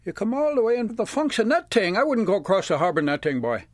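A man's voice: high-pitched, sing-song, fast, dry recording, studio quality, voice pushed up. A storyteller voicing a blunt fisherman, who talks in a folksy way and calls the listener "boy". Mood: teasing. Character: gruff Newfoundland fisherman, blunt and teasing.

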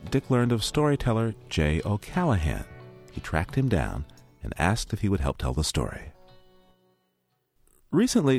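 A male radio host reading a scripted narration with a deep voice that swings widely in pitch. His delivery is smooth and measured. Faint music plays behind him. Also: darkish tone, dry recording.

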